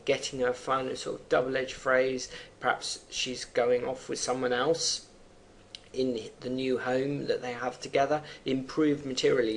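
Gravelly man explaining a poem. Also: mid-range voice, a little hiss or hum. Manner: unscripted, thinking aloud with fillers between readings. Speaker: teacher.

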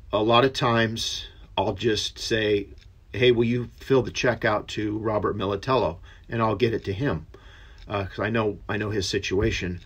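Earnest low-voiced man teaching scripture. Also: a bit bright, slightly rough. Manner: earnest, rambling, with many fillers. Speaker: lay Bible teacher. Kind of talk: casual Bible study talk.

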